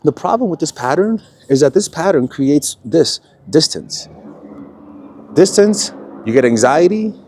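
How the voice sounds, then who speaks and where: A man giving a casual coaching monologue, animated and profane, checking in with the listener with "right?" after nearly every point. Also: on the high side, a little slow. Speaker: dating coach.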